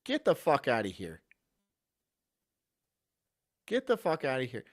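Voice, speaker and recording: Medium in pitch but wildly swooping, his voice comes a little slowly. He's a live streamer reacting to clips, cursing freely, laughing a lot and chatting with his partner off mic.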